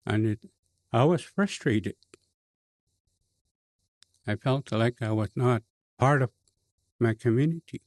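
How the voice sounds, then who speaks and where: A man with a Cree accent, a bishop telling a personal story in a slow, halting way with many fillers and restarts. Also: mid-range voice, a little mellow, no echo. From Canada.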